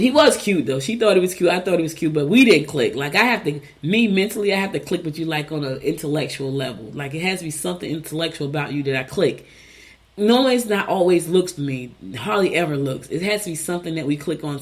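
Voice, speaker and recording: A woman radio host reading horoscopes in a casual, chatty way, with animated storytelling asides. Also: sits low.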